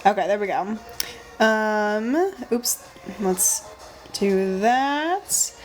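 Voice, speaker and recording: A woman's voice: medium pitch, lively intonation, very slow, faint music behind. A young woman casually chatting on a livestream while she draws, thinking aloud and greeting viewers by name. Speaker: livestream host drawing stickers.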